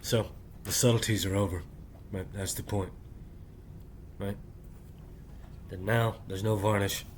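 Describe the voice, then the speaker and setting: A man's voice: lowish voice, steady tone. Guy ranting to camera, choppy bits, keeps going "right? right?", kinda confrontational, faint hiss behind. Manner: tags nearly every phrase with "right?"; halting, clipped fragments with restarts. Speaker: vlogger. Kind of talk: rambling personal monologue.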